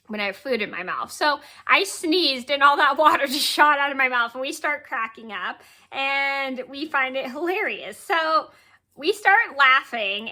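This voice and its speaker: High, bright-voiced woman telling a story. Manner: rambling, repeats words and corrects herself; giggles while telling the story. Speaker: vlogger. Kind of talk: casual storytelling.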